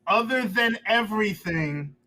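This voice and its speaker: A man's voice: sits high, a little slow, a little hiss or hum, rough recording. A man co-hosting a live-streamed podcast, telling stories in casual banter and acting out the quotes with laughter. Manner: animated storyteller, acts out quotes with laughter. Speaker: podcast co-host.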